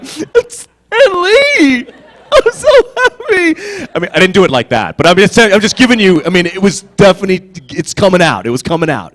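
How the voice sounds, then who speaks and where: A man in his forties, a guest on a convention panel, telling stories in an animated way and breaking into loud mock voices. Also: mid-range voice. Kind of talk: storytelling on a panel stage. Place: convention hall stage.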